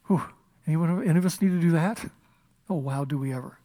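A male pastor preaching an impassioned sermon at a church service, swinging from loud declarations to hushed whispers. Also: on the high side, brisk.

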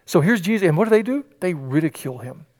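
A man preaching a sermon from the pulpit, animated, acting out the quoted voices and often restarting his sentences. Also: high-pitched, fast. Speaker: pastor. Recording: long hall reverb.

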